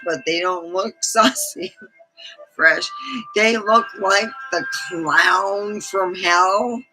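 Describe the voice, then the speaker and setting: A woman's voice: lowish voice, rough recording. A middle-aged woman hosting a livestream, telling stories casually, chatty and laughing often as she acts out quotes. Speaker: livestream host. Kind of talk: casual storytelling.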